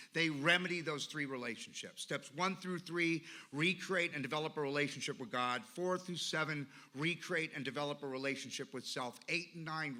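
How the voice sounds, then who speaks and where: Male speaker, recovery-meeting share. Bright, tense tone, slightly high pitch. Emphatic storyteller. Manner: emphatic storytelling with lists and repetition. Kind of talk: personal recovery talk.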